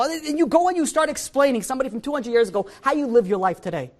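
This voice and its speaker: Here is a rabbi speaking to his congregation in a synagogue. His tone is loose and conversational, and he keeps his story moving with lively energy. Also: extremely high pitch, fast. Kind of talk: Torah class in a synagogue.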